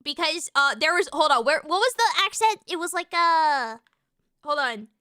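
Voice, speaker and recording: A woman streaming as a VTuber in casual chat, loud, swearing often and tripping over her words. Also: sits high, lively intonation, moderate pace, dry recording, studio quality. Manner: loud, swears a lot, stumbling restarts. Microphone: streaming mic.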